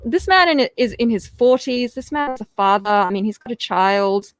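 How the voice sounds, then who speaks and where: A woman's voice: a little high, animated, moderate pace, dry recording. A woman speaking as a guest in a casual live-stream discussion, articulate and sardonic.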